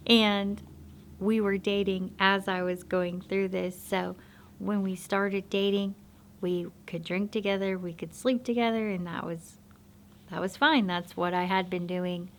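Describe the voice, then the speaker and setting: A woman telling her personal faith testimony in a soft-spoken, halting, reflective way. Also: mid-range voice, slight background noise.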